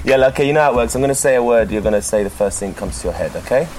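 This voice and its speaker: A man's voice: mid-range voice, very fast, a little mellow, a little hiss or hum. A man playfully interviewing his father at home.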